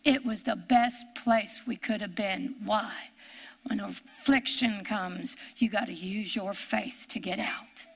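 An older woman giving a sermon, earnest and repetitive, sometimes dropping into hushed whispers for emphasis. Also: mid-range voice, steady tone, slow pace, gravelly, slightly rough. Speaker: Bible teacher.

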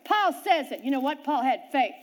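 A middle-aged woman preaches at a moderate pace in a high-pitched voice, telling a personal story. Lively contrasts between loud and quiet mark her sermon.

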